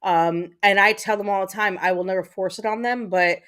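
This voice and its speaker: A woman's voice: medium pitch, fairly even intonation, a little fast, fairly bright tone. A woman hosting a livestream, chatting casually with her viewers in a rambling way, full of fillers and the odd swear word. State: mentally exhausted. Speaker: livestream host. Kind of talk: casual chat with live viewers.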